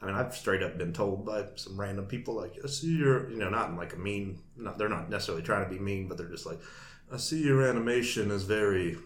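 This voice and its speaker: A man's voice: sits low, fast, few pauses, fairly bright tone. Rambling, laughing man in echoey room. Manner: rambling storyteller, laughs often, many fillers. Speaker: guest cartoonist. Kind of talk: casual interview chat. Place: Nashville. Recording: echoey room with faint noise.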